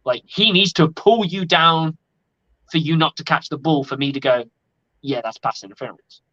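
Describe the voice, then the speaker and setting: A man's voice: fairly high pitch, normal speed, bright, forceful tone. A man talking casually on a sports podcast, blunt and opinionated and swearing freely. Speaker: podcast co-host. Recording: lo-fi audio.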